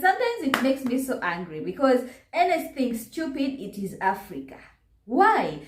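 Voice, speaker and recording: A woman's voice: high-pitched, a little mellow. A woman with a Ugandan English accent giving an indignant reaction commentary, full of rhetorical questions. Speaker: vlogger. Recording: echoey room.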